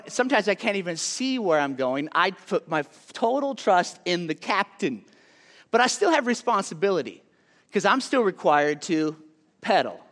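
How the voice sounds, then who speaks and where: A man giving a casual sermon to a live audience. He chats in an animated way with lots of "like" asides, then drops to a soft, hushed tone for earnest appeals. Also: sits high. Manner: chatty and animated, full of "like" asides. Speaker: youth speaker. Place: large hall with a live audience. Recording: long hall reverb.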